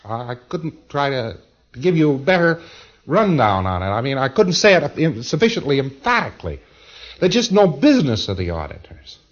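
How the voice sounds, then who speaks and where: A man of middle pitch lectures a class in a loose, rambling way, hammering his points with repeated words. His voice swoops up and down with animated emphasis. The sound is dull and muffled, like an old tape recording. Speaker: lecturer to auditors.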